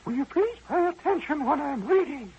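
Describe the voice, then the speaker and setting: A woman's voice: sits high, animated, moderate pace, a little mellow, dull audio, pitched above the performer's own voice. A male radio storyteller voicing a strict, stern female first-grade teacher who scolds and insists on her rules. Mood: scolding.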